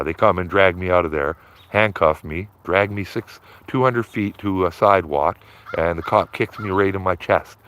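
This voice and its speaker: Rambling livestreamer, low-pitched man, loose casual talk outdoors by a river, tags lines with "man". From Canada. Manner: rambling, repeats himself, tags phrases with "man". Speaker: livestreaming auditor.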